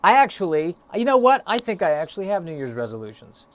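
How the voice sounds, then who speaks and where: A young man hosts a solo podcast, rambling in a stop-start, self-deprecating way with plenty of fillers, a bit out of breath. His voice is high with big pitch swings, and he talks fast. There's slight background noise.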